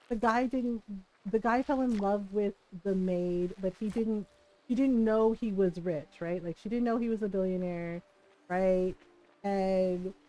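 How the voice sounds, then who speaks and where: A woman's voice: mid-range voice, dark tone, poor audio. A woman livestreamer chatting casually while gaming, rambling through stories with many fillers and frequent laughter.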